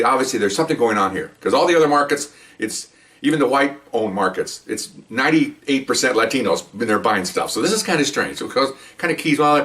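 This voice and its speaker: A fast-talking older man with a fairly low voice recounts his days as a police officer in a loose, rambling style. He keeps checking in with "okay?" and circles back on himself. His voice sits a little away from the microphone. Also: a bit bright, recorded from a distance. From Mexican heritage, raised in the US. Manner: rambling, chatty, with frequent "okay?" asides and restarts. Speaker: retired police officer storyteller. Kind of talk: casual first-person storytelling to camera.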